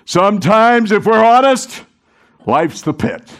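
Male pastor, lively sermon delivery, high voice that swings widely, engages the congregation. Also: slow. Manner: animated, interactive with congregation, acts out quotes.

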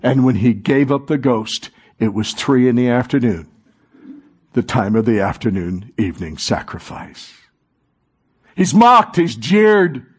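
A man preaching a sermon in a dramatic way, moving from hushed passages to rising fervor. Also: mid-range voice, big pitch swings, unhurried, slightly rough.

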